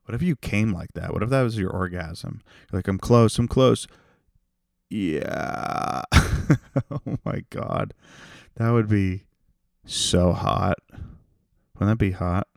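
Gravelly low-voiced man ranting unhinged. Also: slow, no room sound, clean studio sound. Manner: unhinged, swings between whispers and loud outbursts. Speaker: podcast host. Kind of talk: solo comedy podcast rant.

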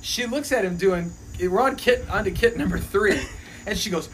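A man in his fifties, a former pastor, telling lively childhood stories in a casual podcast chat, laughing often. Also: high-pitched, moderate pace. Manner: animated storyteller, laughing often. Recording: noisy recording.

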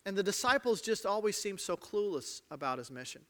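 Man, preacher, sermon, high-pitched, dramatic loud-to-soft delivery. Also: big pitch swings, a little fast. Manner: dramatic storytelling, swings from loud to hushed. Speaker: pastor.

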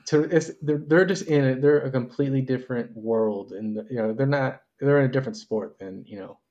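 A man's voice: mid-range voice, a little fast, highs cut off. A man co-hosting a podcast, describing what he watched in casual chat, loose and full of fillers. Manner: loose, animated telling with many fillers. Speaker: podcast co-host.

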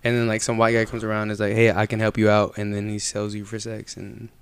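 A man chatting casually on a podcast, swearing freely and bantering in an animated way. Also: lowish voice, quick pace, clear, resonant tone, dry recording. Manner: profane, animated, agreeable banter.

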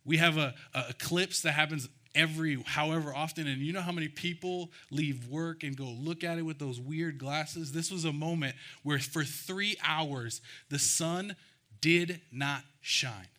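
Bright earnest male preacher. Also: a little high. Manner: earnest, pauses to let lines land, reads scripture slowly. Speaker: pastor. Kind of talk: sermon.

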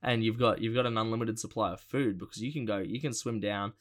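A man co-hosting a podcast, chatting casually and excitedly, laughing often and using lots of fillers. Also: lowish voice, fast talker. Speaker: podcast co-host. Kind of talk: casual chat.

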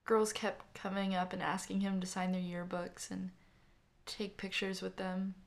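A woman's voice: mid-range voice, flat delivery, gravelly. A woman doing a grieving young sister's eulogy. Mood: reminiscing. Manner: halting, tearful and tender.

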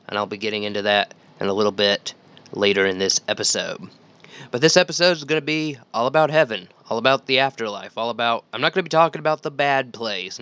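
A man's voice: lowish voice, bright, forceful tone, clear, resonant tone. A man hosting a solo Bible teaching podcast, talking earnestly and conversationally and reading scripture aloud. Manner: earnest, conversational, with restarts and repeated phrases. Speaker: podcast host.

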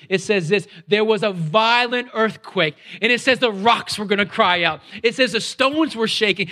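A male pastor preaching a sermon, lively and conversational, acting out the characters in the story he tells. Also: high voice. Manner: animated, acts out characters' lines in a conversational storytelling way.

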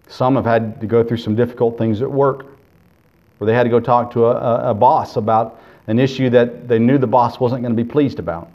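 A man in the pulpit delivers an earnest sermon, pushing hard on key phrases and then dropping to quiet, personal asides. His voice sits at an ordinary middle pitch. The recording is dull and lo-fi, with the top end rolled off. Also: steady tone, fairly quick. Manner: earnest preaching that swings between loud emphasis and quiet, intimate asides. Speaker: pastor.

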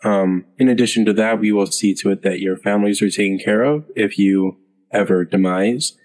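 A man voicing a formal, weary male king, speaking haltingly with many fillers. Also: lowish voice, a little mellow, lightly acted. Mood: stately. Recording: long hall reverb.

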